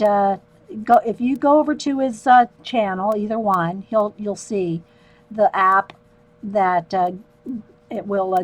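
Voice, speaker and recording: Woman, mid-pitched voice, art livestream host, casual running chat while drawing. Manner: chatty and relaxed, talks to viewers while she works, laughs often.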